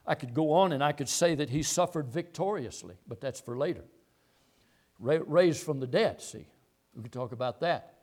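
A male pastor preaching a sermon, moving from low, quiet asides to loud, impassioned passages. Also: moderate pace.

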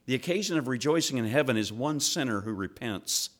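A man, a father, preaching a sermon to children, swinging from loud impassioned rises to quiet earnest asides. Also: mid-range voice, expressive, fairly quick. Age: adult with children. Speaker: pastor.

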